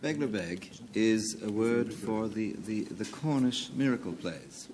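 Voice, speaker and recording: A man's voice: fairly low pitch, expressive, unhurried, background noise. A man on a TV panel game, hesitating and restarting, then bluffing with confidence. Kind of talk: casual panel-game talk.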